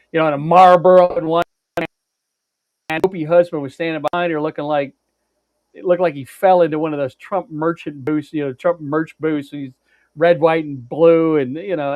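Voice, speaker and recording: A man tells a meandering story in a loose, chatty way, stumbling over restarts and filler words and not minding a curse or two. His voice sits a bit high for a man. The recording is dead dry and muffled, with the top end rolled off. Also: dry recording. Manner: rambling storyteller, lots of uh and restarts, blunt and profane. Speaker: podcast co-host. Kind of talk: casual chat, telling a road-trip story. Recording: dry, dull lo-fi sound.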